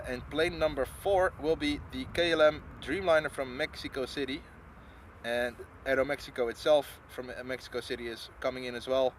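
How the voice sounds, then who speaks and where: A Dutch man hosting a live plane-spotting stream outdoors at an airport, chatting casually, reading out chat messages and getting excited as planes land. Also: medium pitch, poor audio. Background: clear outdoor traffic and urban noise.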